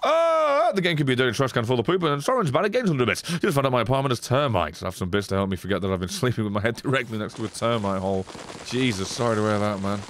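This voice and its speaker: A man's voice: mid-range voice, fast talker. A man commentating casually on a video game, joking and swearing a lot. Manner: swears a lot, jokey and excitable. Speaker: streamer. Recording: game music behind.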